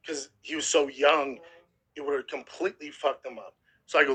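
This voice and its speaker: A podcast host in his thirties speaks fairly quickly in a slightly rough, somewhat high voice on a low-quality recording. Emotional and near tears, he tells a harrowing story casually and profanely, animatedly acting out quotes.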